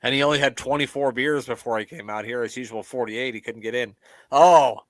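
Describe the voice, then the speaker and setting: A man in a middle-pitched voice riffs with a joking, profane edge while he comments on an old wrestling match. The sound is close and dry, with no room around it. He laughs easily and swears freely. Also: fairly quick, no echo. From US Midwest. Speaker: podcast co-host.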